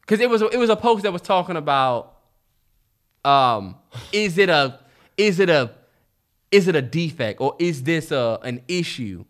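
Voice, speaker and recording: A young man with a DMV accent, co-hosting a podcast in casual, animated chat. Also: a little high. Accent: DMV African American English. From DC-Maryland-Virginia area. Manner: animated, laughs often, quick back-and-forth. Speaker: podcast co-host.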